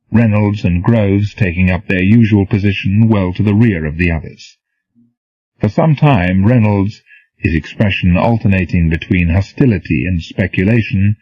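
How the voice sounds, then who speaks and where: A man narrating an audiobook novel in a measured storytelling manner. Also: deep voice, breathy edge, dry recording. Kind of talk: scripted narration. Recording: dull, dry, lo-fi.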